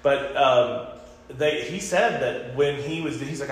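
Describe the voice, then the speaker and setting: A man's voice: mid-range voice, animated, normal speed, a little hiss or hum. A man hosting a casual Bible discussion podcast, talking earnestly and repeating himself as he works through a passage. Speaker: preacher and podcast host. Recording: echoey room with long reverb.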